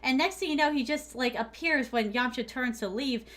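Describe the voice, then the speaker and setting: Woman streamer, casual rambling storyteller, laughs a lot, high voice. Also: moderate pace, a bit bright. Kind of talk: casual game-stream chatter.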